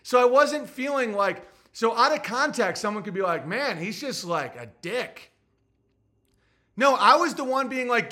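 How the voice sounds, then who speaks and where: A man streaming casually, profane and excitable, laughing often as he reacts to his chat. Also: sits high, normal speed. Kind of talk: casual stream chat, reading viewer messages.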